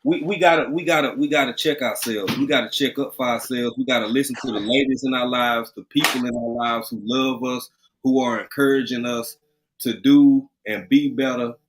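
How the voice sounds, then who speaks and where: A man's voice: medium pitch, steady tone, normal speed, a little hiss or hum, low-quality recording. Middle-aged east texas guy, earnest and preachy, says things twice, casual livestream talk. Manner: earnest and preachy, repeats himself. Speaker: livestream co-host. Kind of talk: casual chat.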